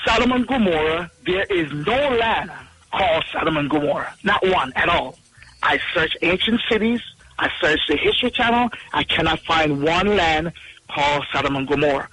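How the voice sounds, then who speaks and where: A man's voice: fairly high pitch, lively intonation, moderate pace, sharp tone, a little hiss or hum, low-quality recording. A Jamaican man calling in to a radio show, insistent and sarcastic. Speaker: caller. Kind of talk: phone-in talk.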